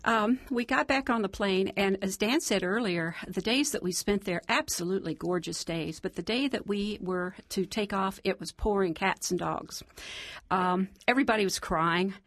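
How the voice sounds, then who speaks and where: A woman from Southeast Ohio, a guest on a radio show, telling her story in a chatty, animated way and quoting the people she met. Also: mid-range voice, normal speed, no echo. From Southeast Ohio, USA. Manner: chatty, animated retelling with quoted dialogue and laughs.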